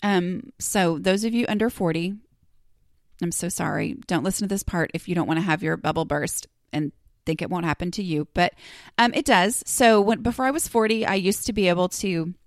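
A woman in her forties hosts her own podcast, chatting and confessing as she talks. She acts out her old thoughts with lively bursts. She is close to the mic in a very dry space with no room sound. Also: lowish voice, moderate pace, no room sound. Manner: chatty and confessional, slips into lively acted-out quotes. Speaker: podcast host. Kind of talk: casual solo podcast monologue.

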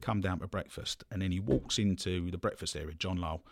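A man from telling football stories in a relaxed, chatty way, laughing often. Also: sits low, fairly quick, creaky. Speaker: podcast guest, former footballer. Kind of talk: casual anecdote telling.

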